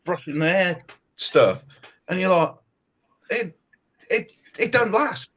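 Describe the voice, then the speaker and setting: Brief: middle-aged host, fairly high voice, lively storyteller, dull lo-fi line. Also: male voice, slow pace, a little hiss or hum. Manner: animated storyteller, laughs often. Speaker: podcast host, martial arts coach. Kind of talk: casual chat.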